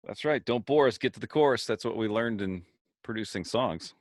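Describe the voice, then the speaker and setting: A man's voice: fairly low pitch, expressive, a little fast, no echo, clean studio sound. A man co-hosting a podcast in casual chat, telling stories and mimicking voices. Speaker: podcast co-host.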